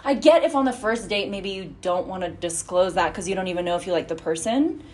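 A woman in her thirties co-hosting a casual podcast chat, animated and swearing freely as she retells conversations. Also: medium pitch, a little fast. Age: 30s. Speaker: podcast co-host.

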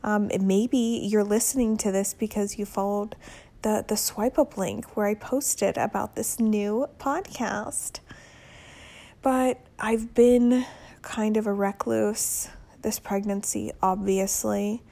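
A young woman chatting candidly on her own podcast from a bedroom at home. Her talk is loose and conversational, dotted with soft laughs and fillers. Her voice sits at a middle pitch for a woman. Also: fairly even intonation, takes it slowly, gravelly. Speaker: podcast host. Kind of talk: casual solo podcast chat.

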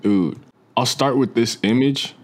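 A man's voice: medium pitch, unhurried, noisy background. A man speaking as a guest in a casual faith conversation, explaining his views in a thoughtful, reflective way. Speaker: podcast guest.

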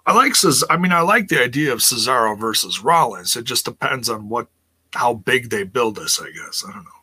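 A man's voice: mid-range voice, lively intonation, brisk, pushed and bright, husky. A man casually recapping a wrestling show on a live stream, chatting with viewers and sounding exasperated. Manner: chatty, exasperated, reads chat aloud.

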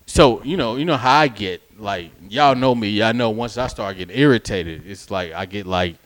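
A man's voice: lowish voice, moderate pace. A young adult man telling a story in casual chat, acting out other people's voices. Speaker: podcast co-host telling a story.

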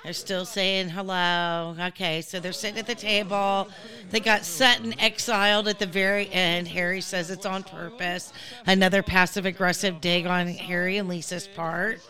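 A woman's voice: fairly low pitch, flat delivery, normal speed, sharp tone. A woman hosting a podcast, recapping a show in a chatty, blunt, profane way that wanders off on tangents. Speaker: podcast host. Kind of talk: casual recap commentary.

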